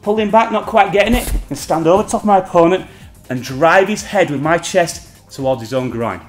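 A man's voice: high-pitched, a little fast, echoey room, soft background music. Man teaching a grappling hold. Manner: explanatory, keeps checking with "okay?" and "all right?". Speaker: martial arts instructor. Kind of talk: demonstrating a technique on a partner.

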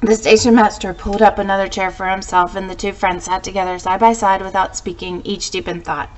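A woman teacher reading a storybook aloud to her class in a gentle storytelling way. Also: medium pitch, flat delivery, fairly quick, low-quality recording.

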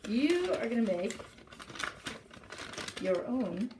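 A librarian reading a children's story aloud with expressive, animated delivery, then explaining a craft. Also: female voice, a little high, takes it slowly, noisy background.

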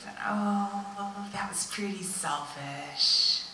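A woman, a visiting pastor, telling a story in a sermon with animated delivery that drops to hushed tones for emphasis. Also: lowish voice, normal speed, crowd noise. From United States. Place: church hall. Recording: echoey church hall, voice from far off.

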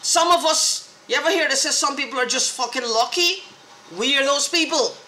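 A woman's voice: high-pitched, moderate pace, pushed and bright, reverberant. A woman in an angry, profane, repetitive rant, talking straight to the camera. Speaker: vlogger. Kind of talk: agitated monologue to camera.

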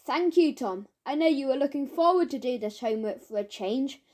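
A woman voicing a firm, measured male schoolteacher. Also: high voice, lively intonation, a little mellow. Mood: stern. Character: stern but fair male schoolteacher.

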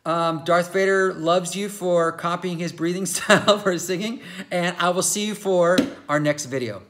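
A man's voice: high-pitched, normal speed, noisy background. Man teaching singing, chatty and encouraging. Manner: explains step by step, checking in with "all right?"; demonstrates by singing show tunes. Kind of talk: singing lesson.

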